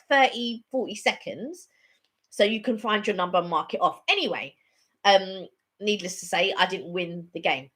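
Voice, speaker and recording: A woman's voice: medium pitch, a bit bright. A woman co-hosting a casual live stream chat, telling a long rambling story with lots of repetition.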